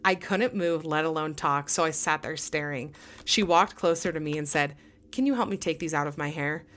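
A young woman hosting a podcast, chatting casually and reading listener stories aloud in an excitable way, full of "like". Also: deep voice, moderate pace. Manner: excitable, heavy use of "like". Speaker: podcast host.

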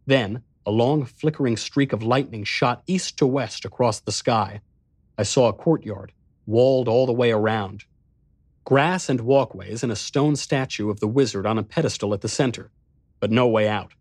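A man's voice: mid-range voice, moderate pace, darkish tone, no room sound. Man narrating a suspense story, dry. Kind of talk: first-person audiobook narration.

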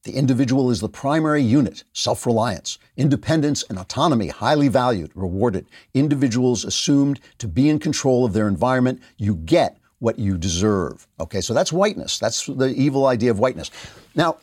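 A middle-aged man holds forth on his podcast in a sarcastic commentary monologue, his pitch swinging widely as he mocks the other side. His voice is slightly husky, and the studio sound is close and dry. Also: animated, fairly quick, a little mellow, no room sound. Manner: sarcastic, mocking quotes of opponents. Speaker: podcast host.

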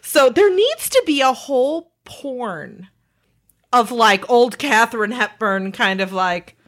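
A woman hosting a podcast, excitable and crude, firing off questions quickly. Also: on the high side. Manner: excitable, crude, fast-talking. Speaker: podcast host. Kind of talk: casual chat.

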